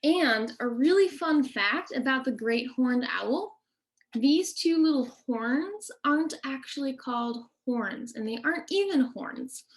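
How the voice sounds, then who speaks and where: Higher-voiced woman teaching kids about nature. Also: expressive. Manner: friendly, slow, addressing kids directly. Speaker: nature educator. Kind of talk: children's nature lesson.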